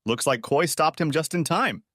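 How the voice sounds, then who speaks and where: A man's voice: on the high side, normal speed, fairly bright tone, no echo, clean studio sound, voice pushed up. A man voicing a worried, caring middle-aged mother who pleads to patch things up, in an audiobook story. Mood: anxious.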